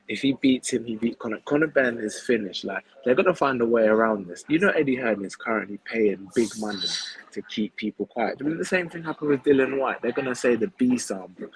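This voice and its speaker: Man, caller, insistent, blunt, middle pitch, faint background noise. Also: animated, fairly quick, low-quality recording. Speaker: caller joining a live stream. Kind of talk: casual live-stream chat.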